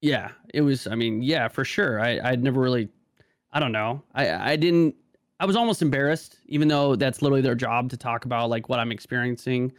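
A man's voice: medium pitch, brisk, no echo, clean studio sound. A man talking casually as a podcast guest, stammering and restarting often, with many "like" fillers. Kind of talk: casual conversation.

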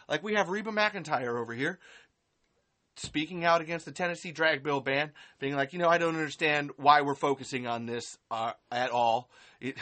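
With a fairly bright voice that sits on the low side, this woman hosts a live-stream podcast. She rants with anger and sarcasm, piling on profanity and hammering points home through repetition.

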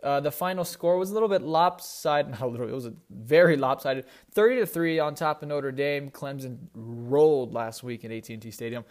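A man's voice: medium pitch, brisk, few pauses, a little mellow. A young man hosting a casual solo sports talk show, rambling and correcting himself as he goes. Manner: rambling, self-correcting, conversational. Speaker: sports podcast host.

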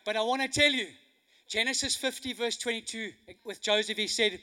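A man preaching a sermon, telling stories in an animated way and swinging from hushed to loud. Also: extremely high pitch, fairly quick.

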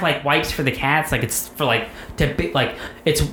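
A man's voice: a little high, lively intonation, a little fast, hardly any pauses, sharp tone. A man telling a story in casual chat, rambling and profane, with lots of fillers and restarts. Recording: echoey room with faint noise.

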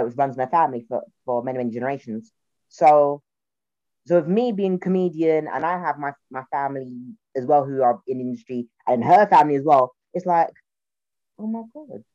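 A young woman with a South London accent, a comedian chatting in an interview, animated and laughing often. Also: extremely low pitch, no echo, lo-fi sound. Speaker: guest, comedian. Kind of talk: casual interview chat.

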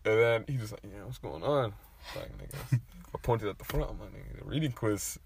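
A young man chatting casually, telling a profane, animated story with big bursts of laughter. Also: fairly low pitch, fairly quick, gravelly, slight background noise. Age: young adult.

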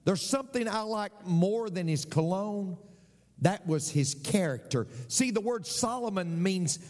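Male pastor, slow and animated sermon delivery, big echoing hall. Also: high voice. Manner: preaching with call-and-response "Amen?" and repeated phrases.

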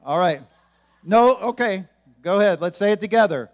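Man, pastor, playful animated sermon, high voice, long church reverb. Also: moderate pace. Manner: joking, animated preaching to a congregation. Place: church sanctuary.

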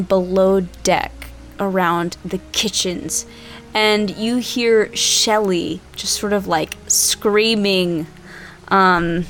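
Woman, game master, slow, chatty, hesitant, soft music underneath. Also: medium pitch. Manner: chatty, hesitant, many fillers. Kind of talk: narrating a tabletop game.

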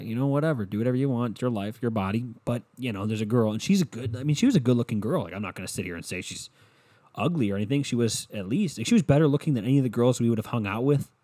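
A man's voice: medium pitch, lively intonation, quick pace, mellow. A young man hosting a solo podcast, rambling casually with lots of profanity and filler words. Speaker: podcast host.

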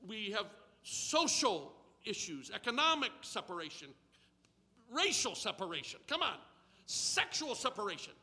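High, lively preaching man in a hall. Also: measured pace, slightly rough. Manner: preaching with rising shouted repetition and congregation call-and-response. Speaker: pastor. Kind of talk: sermon. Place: church sanctuary. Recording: long reverb of a large hall.

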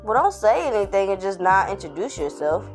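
A woman's voice: medium pitch, big pitch swings, brisk, faint music behind. A woman hosting her own podcast from home, chatting casually with hype, slang and sing-song chants. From Texas. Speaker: podcast host. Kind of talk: casual morning chat.

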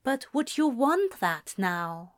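A woman voicing a caring mother, speaking higher and softly with reassurance. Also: big pitch swings, slow pace. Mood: gentle. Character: caring mother, gentle and welcoming.

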